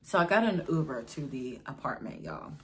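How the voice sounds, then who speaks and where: A woman's voice: a bass voice, huge pitch swings, normal speed, a little hiss or hum. A young adult woman telling her own story in a vlog, emotional and exasperated, talking straight to her viewers. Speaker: vlogger telling a personal story.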